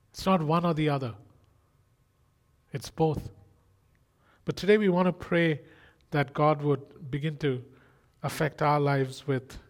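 An earnest man preaches with a voice a little higher than most men's. He builds his points with rhetorical questions and exclamations, repeating key phrases for emphasis. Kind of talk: sermon.

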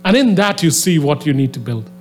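Fairly high in pitch, very animated and brisk, a man preaches over slight background noise. The sermon, given live at a venue with a soundboard, begins as a loose, filler-laden story and swells into a fervent exhortation.

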